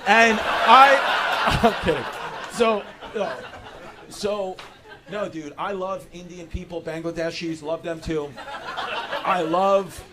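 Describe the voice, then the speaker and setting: Rambling high-voiced New comic. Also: male voice, slow, crowd noise. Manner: loose, rambling, says "dude" a lot. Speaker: stand-up comedian. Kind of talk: stand-up crowd work. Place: comedy club stage. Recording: noisy live club recording.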